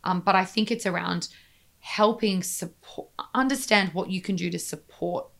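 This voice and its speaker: A woman speaking earnestly in a conversational interview, emphatic and quickening when she drives a point home. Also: fairly low pitch, creaky, a bit bright.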